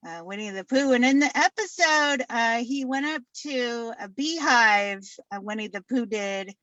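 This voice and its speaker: Slow deadpan woman comic. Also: fairly high pitch, no room sound, highs cut off. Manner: deadpan, slow delivery with many fillers and repeated punchlines. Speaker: stand-up comedian. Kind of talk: stand-up comedy set.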